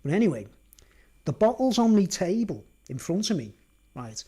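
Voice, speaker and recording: At home on a casual livestream, a man with a Merseyside accent tells a long story in a high, very animated voice that is mellow and slightly rough, at a moderate pace. He's emphatic, stressing his points and checking in with the listener by repeatedly asking "right?" and "do you understand?"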